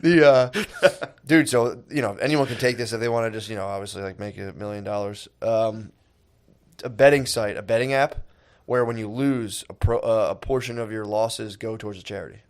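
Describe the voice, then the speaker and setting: A man's voice: on the low side, moderate pace. A man co-hosting a comedy podcast, chatting in a laid-back, rambling way and calling everyone dude. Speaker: podcast co-host. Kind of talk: casual comedic banter.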